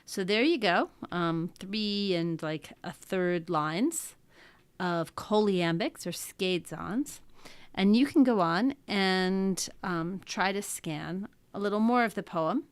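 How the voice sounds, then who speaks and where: A woman's voice: mid-range voice, takes it slowly, clear, resonant tone, dry recording. A woman teaching a lesson, talking methodically through each step. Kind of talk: classroom lecture.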